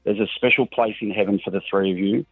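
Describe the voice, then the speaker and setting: A man's voice: lowish voice, steady tone, quick pace, slightly rough, no room sound. A man calling in to a radio show, talking earnestly and rambling with plenty of fillers. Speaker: radio caller. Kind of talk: call-in chat. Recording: phone line.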